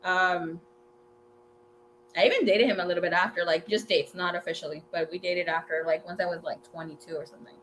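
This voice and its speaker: A woman in her twenties hosting a tarot livestream, telling a story in a chatty, animated way, swearing freely and mixing in Spanish words. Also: on the low side, a little fast, slight background noise. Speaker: tarot reader and livestream host. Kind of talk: casual storytelling chat.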